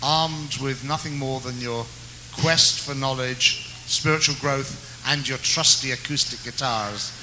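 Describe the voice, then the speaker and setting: A man's voice: mid-range voice, a little slow, pushed and bright, a little hiss or hum, low-quality recording. A man interviewing a guest, asking long, winding questions with fillers.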